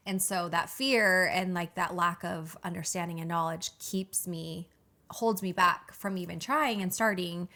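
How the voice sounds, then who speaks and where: A woman's voice: lowish voice, a little slow. A young woman guest on a podcast, talking casually and playfully, with lots of fillers. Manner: animated and playful, filler-heavy.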